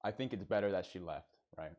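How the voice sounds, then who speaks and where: A man's voice: sits low, quick pace, a little mellow, highs cut off. A young man chatting casually on a live stream in a playful, joking teacher persona, laughing often.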